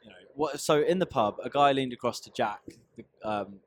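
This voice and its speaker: A man's voice: medium pitch, normal speed. A young man in his twenties co-hosting a casual podcast, chatty and jokey, laughing often. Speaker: podcast co-host.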